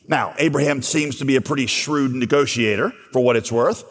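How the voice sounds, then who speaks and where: A man's voice: mid-range voice, expressive, normal speed. A man preaching a sermon, telling a Bible story and voicing its dialogue as he goes. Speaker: pastor. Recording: long hall reverb.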